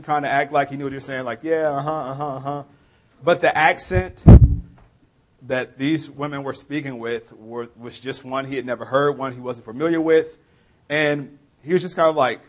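A man from the New Orleans area with a New Orleans accent, preaching a sermon as a pastor in a relaxed, story-telling way. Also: medium pitch. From New Orleans area, USA.

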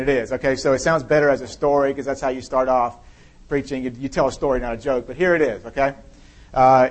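A man preaches from the pulpit in an open, talk-it-through manner. His voice sits at an ordinary middle pitch, and he circles back on his own phrases as he works out his thoughts. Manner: conversational, candid, thinking aloud with restarts. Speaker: pastor. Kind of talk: sermon with scripture reading and prayer.

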